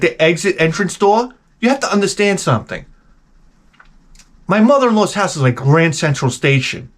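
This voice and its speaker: A middle-aged man rants through comic stories in a high voice with wild swings in pitch. He exaggerates everything, swears freely and piles up complaints with loud disbelief. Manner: animated, profane, exaggerated complaining. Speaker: comedic host. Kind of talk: comedic storytelling rant.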